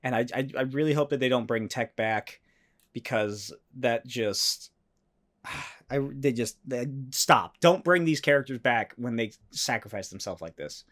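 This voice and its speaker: A man hosting a solo podcast, talking casually and excitedly, with frequent swearing and animated rants. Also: medium pitch, unhurried. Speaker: podcast host.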